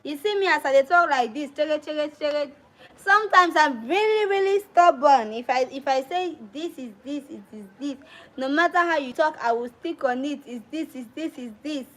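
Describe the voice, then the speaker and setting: This livestream host, a young woman, speaks expressively at normal speed in a high-pitched, fairly bright voice with a Sierra Leonean Krio-tinged accent. She addresses her viewers chattily, weaving Krio phrases into her English, on a low-quality recording.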